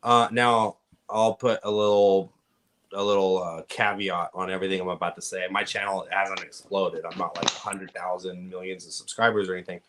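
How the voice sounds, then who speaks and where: A man with a Californian accent, a podcast guest calmly explaining things at length in casual conversation. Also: low voice, moderate pace, a little hiss or hum. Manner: relaxed, explanatory, giving advice at length. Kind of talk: casual interview chat.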